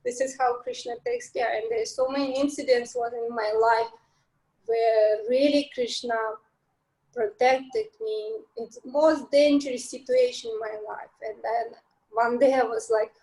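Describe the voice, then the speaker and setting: Heartfelt woman with halting speech. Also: a little high, steady tone, warm tone, poor audio. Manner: halting, heartfelt, with many fillers. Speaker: devotee sharing a personal story. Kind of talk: emotional personal testimony.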